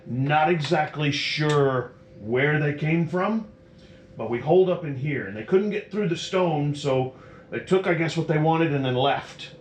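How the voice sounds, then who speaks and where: A man's voice: on the high side, a little slow, pitched above the performer's own voice, lightly acted. A man voicing a weary, battered dwarf leader. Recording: roomy echo, faint noise.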